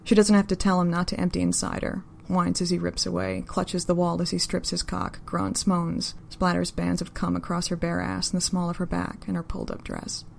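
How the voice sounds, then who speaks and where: A woman narrating a story in an even, unhurried, deadpan reading style. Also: on the low side, vocal fry, a little hiss or hum.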